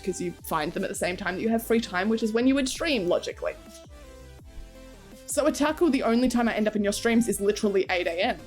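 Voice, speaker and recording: A young adult woman streaming live, chatting casually with her viewers, giggling often and swearing freely as she rambles. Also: mid-range voice.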